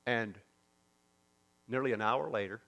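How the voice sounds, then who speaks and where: Unhurried and creaky, this mid-range male voice belongs to a Southern US preacher telling a story during his sermon. He plays out its dialogue with animation.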